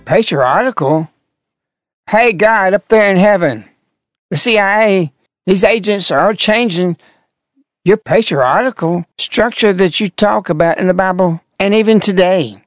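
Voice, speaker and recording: A man's voice: sits high, measured pace, dry recording, clean studio sound, faint music behind. An older man, a religious broadcaster, commenting sarcastically and mockingly on clips he plays.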